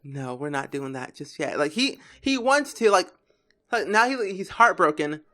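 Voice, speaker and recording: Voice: medium pitch, big pitch swings, normal speed, sharp tone. A gameplay commentator talking casually and rambling on, with lots of filler words and restarts.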